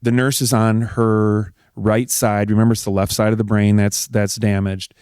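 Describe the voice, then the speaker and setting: A man's voice: fairly low pitch, level tone, moderate pace, darkish tone, smooth, no echo, clean studio sound. A middle-aged man from Texas, a guest in an interview, earnestly retelling an emotional family ordeal with many fillers. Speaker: guest, husband. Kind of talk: personal storytelling in an interview.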